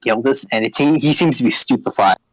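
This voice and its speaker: A man running a tabletop game as dungeon master, talking haltingly with many ums and uhs. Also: medium pitch, no echo, rough recording.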